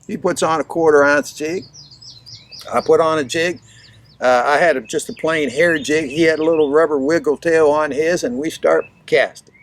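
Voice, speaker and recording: A man's voice: on the high side, normal speed. Folksy man telling a fishing story. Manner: folksy, animated anecdote-telling. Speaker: fishing instructor. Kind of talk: storytelling lesson.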